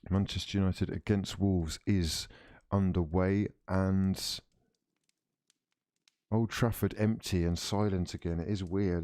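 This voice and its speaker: Male streamer, lowish voice, dry mic, banters casually with his viewers. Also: a little mellow, no room sound. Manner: chatty and playful, calls viewers fraudulent friends. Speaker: football livestream host. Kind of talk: casual livestream chat reading comments.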